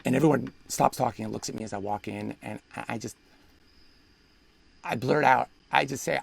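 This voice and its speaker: A man's voice: mid-range voice, normal speed, creaky, long pauses. A man telling a comic personal story as a solo live performer, rambling and restarting his sentences, and turning into a heated rant. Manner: rambling, self-interrupting delivery with many restarts; grows heated and ranting in the political part. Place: at home, performed live online.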